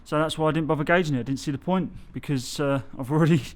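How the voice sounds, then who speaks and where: A man with a fairly high voice talks at a quick pace on an outdoor building site, casually explaining his bricklaying for his vlog. He's chatty but frequently loses his thread and goes back to correct himself.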